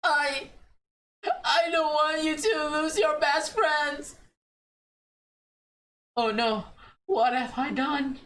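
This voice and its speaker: A woman's voice: sits high, steady tone, extremely slow, pauses often, fairly bright tone, slight background noise, voice pushed up, exaggerated voice. A woman voicing a guilty young woman who stammers and pleads with her friend. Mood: remorseful.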